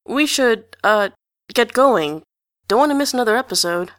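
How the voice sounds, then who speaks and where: A woman's voice: a little high, expressive, moderate pace, a bit bright, no echo, voice pushed up. An earnest, blunt teenage boy from a storybook, read by a woman who says exactly what he means. The voice sits slightly above the reader's own, in a close, dry recording. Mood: forced cheerful.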